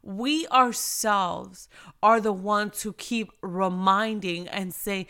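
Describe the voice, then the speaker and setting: A woman giving a casual, encouraging faith talk aimed at other women. She sounds preachy and direct, often slowing right down to press a phrase home. Her pitch sits in an ordinary middle range. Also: bright, forceful tone, smooth. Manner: preachy and encouraging, slows down to stress phrases, talks straight to her listeners. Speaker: Christian devotional speaker.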